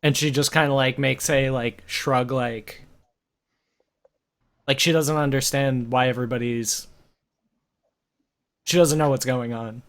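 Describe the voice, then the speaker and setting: A man narrating as game master of a tabletop game, relaxed and hesitant, with many fillers. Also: mid-range voice, measured pace, long pauses. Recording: muffled lo-fi recording.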